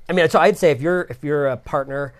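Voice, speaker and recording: A man co-hosting a casual podcast about travel, talking in a halting, rambling way with many fillers and restarts. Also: on the high side. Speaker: podcast co-host.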